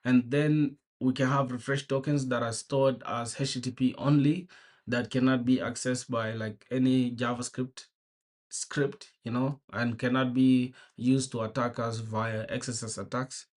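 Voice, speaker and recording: A man's voice: medium pitch, steady tone, unhurried, darkish tone. A young man streaming himself programming, talking through his work in a laid-back, slangy way and greeting viewers as they arrive. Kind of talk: casual live-stream commentary.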